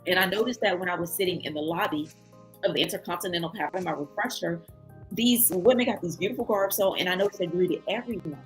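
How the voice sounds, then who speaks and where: Her voice sits on the low side and she talks fast, with soft music playing underneath. As a travel vlogger recounting a trip in a casual vlog, she is animated and slips into other people's voices for their quoted lines.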